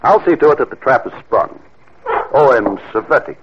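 An actor playing a cold, threatening communist cell leader in a 1950s radio drama, clipped and smooth. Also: male voice, mid-range voice, expressive, moderate pace, slight background noise, natural voice. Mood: menacing. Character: cold menacing male communist boss. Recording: dull lo-fi old radio recording.

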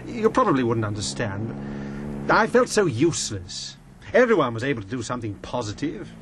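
An actor playing an anxious, upper-class gentleman with a tin leg, flustered and defensive, in a radio drama. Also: medium pitch, very animated, normal speed, background noise, natural voice.

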